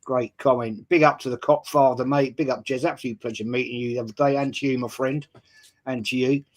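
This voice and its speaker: A man's voice: medium pitch, steady tone, a little fast. Chatty man hosting football talk. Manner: chatty, greets viewers by name. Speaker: podcast host. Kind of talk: casual football chat.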